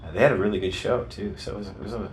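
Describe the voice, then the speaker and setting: Brief: low-voiced male musician guest, animated storyteller, restarts often. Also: racing, slight background noise. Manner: animated, rambling, lots of restarts. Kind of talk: casual interview storytelling.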